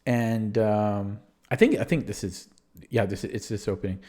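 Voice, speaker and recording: Hoarse man in casual stream commentary. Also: lowish voice, normal speed, a little mellow. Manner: rambling and self-correcting, often trailing off. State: losing his voice. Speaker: chess streamer reviewing his tournament games.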